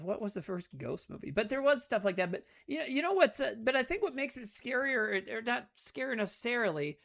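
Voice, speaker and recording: A woman's voice: a little high, a little fast, vocal fry, hardly any pauses. A woman co-hosting a podcast, recapping a movie in casual, profane chat. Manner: animated, profane movie recap full of acted quotes. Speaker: podcast co-host.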